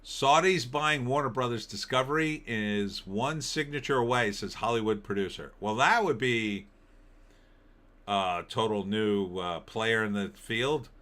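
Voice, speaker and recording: A man's voice: lowish voice, moderate pace, pushed and bright. A middle-aged man hosting a casual live-stream, rambling and opinionated as he reacts to entertainment headlines and viewer comments. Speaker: political commentary host.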